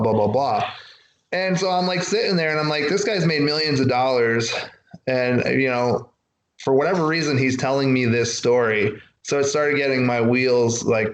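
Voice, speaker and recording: A man's voice: medium pitch, echoey room, low-quality recording. A man being interviewed, telling long rambling stories and acting out what others said to him. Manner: rambling, acts out quotes from others. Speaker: wrestler guest. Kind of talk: casual interview storytelling.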